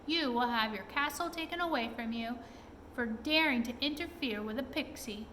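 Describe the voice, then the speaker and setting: Storybook role: woman voicing a feisty, defiant little male pixie, high and bright. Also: normal speed, a little hiss or hum. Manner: indignant, defiant. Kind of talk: storybook read-aloud.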